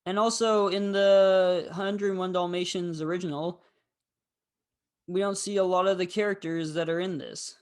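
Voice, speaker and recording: A man's voice: sits high, fairly even intonation, moderate pace, smooth. A man hosting a casual film review, talking in a rambling, candid way with frequent fillers.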